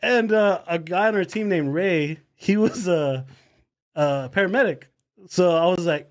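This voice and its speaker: A man with a high-pitched voice tells a story in casual podcast chat, swearing freely. He acts out the people in it with lively quoted lines. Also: normal speed. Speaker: podcast guest.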